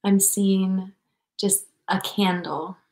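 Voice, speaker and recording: A woman leading a guided meditation in a soft, slow, soothing voice over a video call. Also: medium pitch, level tone, reverberant, poor audio. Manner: soft, slow and soothing, speaks softer as it goes.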